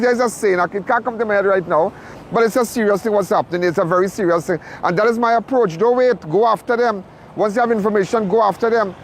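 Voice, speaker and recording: A man's voice: sits high, a little hiss or hum. A man reporting from a roadside crime scene, talking emphatically, repeating himself and restarting phrases. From Trinidad and Tobago. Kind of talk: impassioned on-the-spot commentary.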